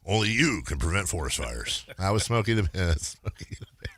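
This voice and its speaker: A man hosting sports radio in casual, playful banter. His voice is bright and swings widely in pitch. The booth sounds dry and close. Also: big pitch swings, dry recording. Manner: playful, riffing, quick to laugh.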